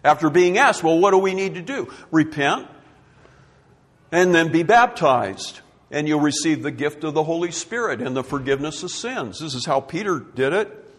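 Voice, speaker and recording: A man's voice: fairly high pitch, animated, moderate pace, fairly bright tone, long reverb tail. A man preaching a sermon, emphatic and repeating his key words for effect.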